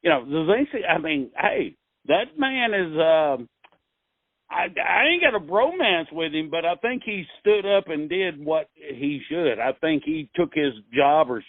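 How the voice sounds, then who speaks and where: A rambling man hosting a casual comedic interview, his fairly high voice dry and narrow, like it is coming through a phone. He talks in a folksy way, with loose asides and restarts. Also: very animated, unhurried, no room sound. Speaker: host.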